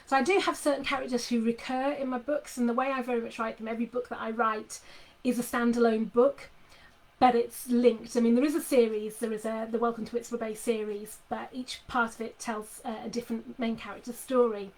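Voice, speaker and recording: Middle-aged woman author, chatty live stream from her home desk, slightly high voice, lots of ums and restarts. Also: flat delivery, brisk, poor audio. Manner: chatty, many fillers and restarts. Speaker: author talking to readers. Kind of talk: casual live chat with readers. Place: home office.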